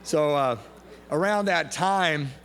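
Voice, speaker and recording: A man from the United States speaks at a recovery meeting, telling a personal story in an animated way, laughing and acting out quoted voices. His voice is fairly high and slow, and the large event hall gives an echoey recording with a faint hum.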